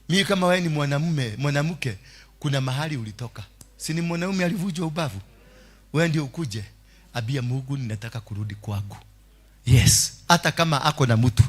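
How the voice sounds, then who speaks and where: A Kenyan man preaching a sermon as pastor, shouting and laughing with the congregation. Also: on the high side.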